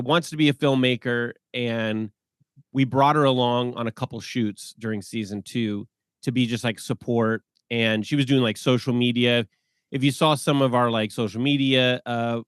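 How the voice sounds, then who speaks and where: A man in his forties, a podcast guest telling stories in an animated way and laughing often. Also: medium pitch, moderate pace, smooth, no echo, clean studio sound. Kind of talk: casual podcast conversation.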